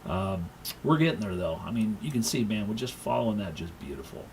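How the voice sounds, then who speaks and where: A man's voice: on the low side, expressive, brisk, a little mellow, a little hiss or hum, low-quality recording. A middle-aged man hosting a crypto analysis livestream, telling a long rambling story in a casual way, full of fillers and chuckles. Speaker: crypto market analyst and stream host. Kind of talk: casual livestream chat with anecdote.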